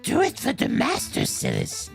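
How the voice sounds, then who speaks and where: A gravelly hissing cave creature. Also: female voice, a little high, wildly swooping pitch, soft background music, full character voice. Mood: creepy. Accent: French. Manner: drawn-out croaking whine. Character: creepy hunched cave creature obsessed with treasure.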